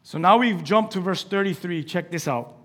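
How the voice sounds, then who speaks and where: A male pastor preaching a sermon, telling scripture stories with animated acted-out dialogue, swinging between loud exclamations and hushed asides. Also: high voice, moderate pace. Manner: animated storytelling, acting out scripture scenes.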